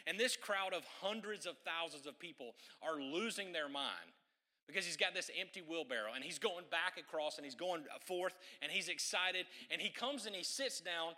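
A man preaching a sermon, telling a story with joking asides and animated delivery. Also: fairly high pitch, normal speed.

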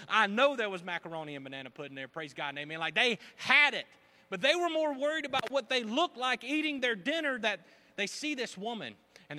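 A pastor with a high-pitched, sharp voice preaches a sermon to his congregation. He jokes as he tells the story and acts out the voices of gossipers.

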